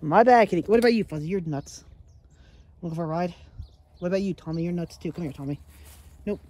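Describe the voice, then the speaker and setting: A woman vlogging casually at home, rambling excitedly and chatting to her pets. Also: on the low side, quick pace. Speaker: daily vlogger. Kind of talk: casual rambling vlog chat. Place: at home, yard and indoors.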